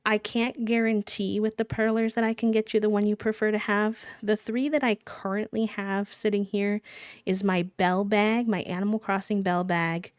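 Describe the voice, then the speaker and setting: A woman's voice: mid-range voice, level tone, normal speed, clean tone, dry recording, studio quality. A woman live streamer chatting casually and playfully with her viewers, breaking into sing-song countdowns.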